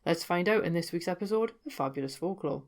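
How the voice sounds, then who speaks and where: A woman's voice: on the low side, lively intonation, quick pace. Chatty folklore podcast host, woman. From North East England. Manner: chatty, wry asides. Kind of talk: casual folklore storytelling.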